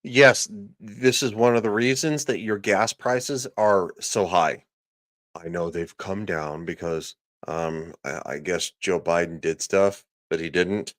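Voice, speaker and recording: A man's voice: deep voice, takes it slowly. A man delivering a ranting reaction commentary, sarcastic, profane and mocking. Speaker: political commentator.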